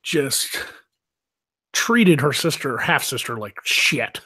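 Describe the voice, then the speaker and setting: A man's voice: mid-range voice, sing-song, slow pace, bright, forceful tone, breathy edge. A man hosting a live stream, telling stories loosely with lots of swearing and laughter. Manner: loose, profane storytelling with frequent laughs. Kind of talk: casual chat.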